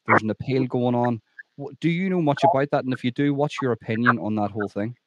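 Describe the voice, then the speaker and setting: A man's voice: medium pitch, fast talker, highs cut off, heavy background noise. A man hosting a podcast interview who talks in an emphatic, opinionated way and repeats himself when he stresses a point. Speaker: podcast host. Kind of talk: conversational interview.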